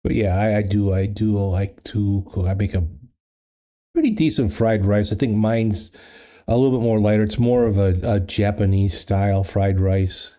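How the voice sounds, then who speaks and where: A man's voice: fairly low pitch, steady tone, moderate pace, mellow. A man hosting a casual livestream chat, rambling with many fillers and restarts into a studio microphone. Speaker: livestream host.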